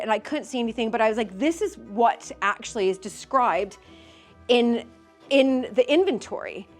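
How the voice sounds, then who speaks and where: A woman with an English accent talking casually to her vlog audience, breathless and gushing as she squeals with excitement. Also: fairly high pitch. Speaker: vlogger and historic house owner.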